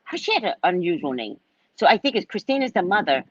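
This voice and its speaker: Woman, psychic host, lively swooping pitch, dry close sound, animated and profane. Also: fast talker, breathy edge, no echo. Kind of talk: casual livestream chat. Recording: dull lo-fi sound.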